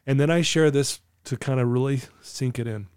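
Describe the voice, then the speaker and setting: In this clean studio recording with no echo, a man with a mid-range, darkish voice speaks at a normal speed. He's a podcast guest and client coach, earnestly telling stories in a conversational interview and acting out dialogue with his clients.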